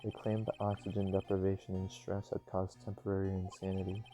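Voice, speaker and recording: A man's voice: deep voice, monotone, fairly quick, dark tone, faint music behind. A young man casually reading game dialogue aloud with offhand asides, recorded on an earbud mic.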